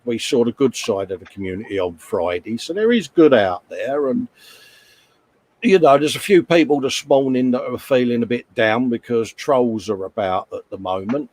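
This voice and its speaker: Chatty man hosting a stream. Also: mid-range voice. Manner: matey, chatty, gently scolding. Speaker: live stream host. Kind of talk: casual chat reading viewer comments.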